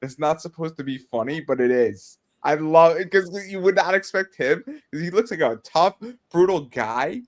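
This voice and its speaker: A man co-hosting a casual wrestling chat, excitable and tripping over his words as he retells stories. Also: on the high side, normal speed, hardly any pauses. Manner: excitable, stammering restarts, laughs at own stories. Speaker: podcast co-host.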